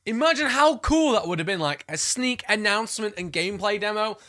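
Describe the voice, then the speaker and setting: A man's voice: high-pitched, lively intonation, a little fast, sharp tone. A man chatting casually as a gaming vlogger, enthusiastic and gushing, with playful asides. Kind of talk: casual chat.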